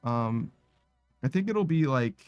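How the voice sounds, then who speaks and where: This live streamer sounds weary and easygoing as he casually reads messages from viewers, saying "meow" at the end of almost every sentence and frequently laughing and swearing. His medium-pitched voice is expressive, slow, a little mellow, clear and resonant. The audio is dull with no room sound, and soft music plays behind him.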